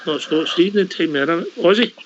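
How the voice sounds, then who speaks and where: A Scottish man hosts a casual online call-in chat, his voice sitting a touch high. He talks in a loose, chatty way, dropping words like aye and wee. The audio is slightly dull, like an online call. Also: lively intonation, fast talker, a little hiss or hum. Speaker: call-in show host.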